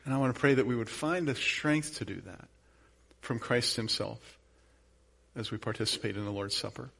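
A man pastor giving a sermon, telling a story in a casual conversational way before leading a soft prayer. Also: medium pitch, moderate pace, vocal fry.

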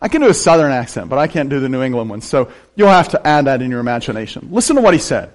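An older man from western Pennsylvania, preaching a sermon with animated delivery and joking asides. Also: mid-range voice, rapid-fire, few pauses. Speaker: pastor.

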